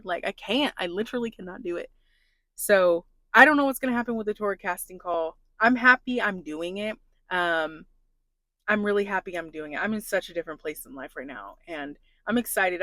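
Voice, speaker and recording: A woman's voice: lowish voice, a bit bright, no room sound. A young adult woman talking in a casual confessional vlog, earnest and emotional, saying "like" a lot. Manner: earnest, emotional, heavy use of "like". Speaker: plus-size influencer vlogger.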